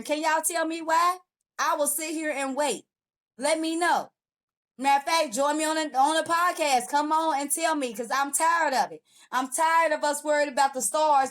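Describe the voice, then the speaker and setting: A woman hosting her own podcast, talking straight to her audience in a sassy, preachy way. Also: sits high. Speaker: podcast host and motivational coach. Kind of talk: casual direct-to-camera podcast intro.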